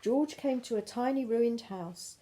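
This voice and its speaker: An older woman reads a picture book aloud. She breaks off often for gentle, chatty asides to the children. Her voice is mellow and fairly high. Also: measured pace, slightly rough. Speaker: grandmother reading aloud.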